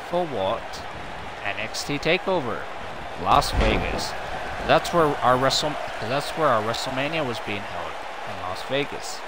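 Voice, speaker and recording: A man doing excitable, playful play-by-play wrestling commentary, bickering with himself and stumbling over his words. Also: medium pitch. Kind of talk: fan-made play-by-play commentary. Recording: loud crowd and ambient noise behind.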